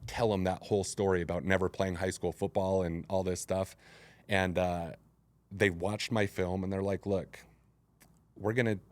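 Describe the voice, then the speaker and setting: A man's voice: deep voice, no echo. A man in his forties, a former football player, telling his story casually as an interview guest and acting out the dialogue. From Utah, United States. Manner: animated, acts out quoted dialogue.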